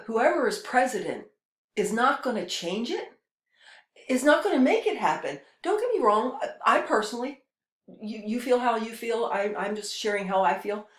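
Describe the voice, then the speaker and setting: A woman's voice: on the high side, lively intonation, moderate pace, a bit bright, roomy sound. A woman hosting a spiritual channel, speaking in a casual monologue that rambles with many restarts and hesitations.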